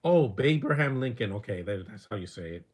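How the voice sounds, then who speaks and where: A man's voice: lowish voice, lively intonation, fairly quick. A man giving casual live commentary over a movie, rambling from one opinionated aside to the next.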